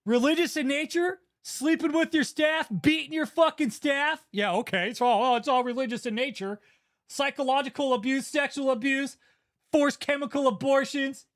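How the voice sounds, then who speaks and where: Male streamer, very high pitch, furious, swearing constantly, ranting commentary. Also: steady tone, moderate pace, a bit bright. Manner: angry, profane, ranting. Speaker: channel host. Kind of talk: livestream commentary rant.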